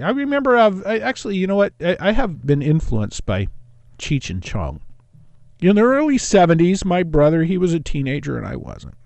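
A man's voice: sits high, big pitch swings, a little fast, gravelly, darkish tone, no echo. A man from East Los Angeles hosting a call-in talk radio show, rambling and jumping between topics.

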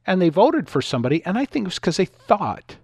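A middle-aged male radio host tells stories in a lively, sing-song voice that sits a little high for a man. The studio sound is dry, with faint music underneath. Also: fast talker, husky, no room sound. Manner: animated, acts out voices in anecdotes. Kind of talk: talk radio monologue with storytelling.

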